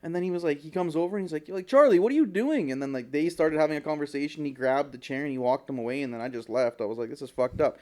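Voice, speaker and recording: A podcast co-host with a mid-range voice fires off a story rapidly with hardly any pauses, swearing freely and acting out people's words in animated, casual chat.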